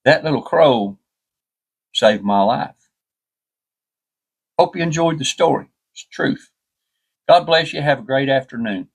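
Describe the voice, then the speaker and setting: A man's voice: mid-range voice, lively intonation, a little slow, gravelly, long pauses, husky. A man telling a story in a folksy, rambling way, often restarting with "and, and". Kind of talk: casual spoken storytelling.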